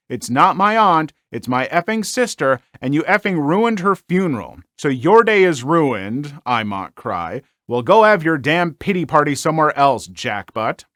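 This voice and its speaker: A man hosting a story channel, reading online stories aloud and commenting on them in an animated, exclaiming way with frequent filler words. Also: a little high, dry recording, clean studio sound.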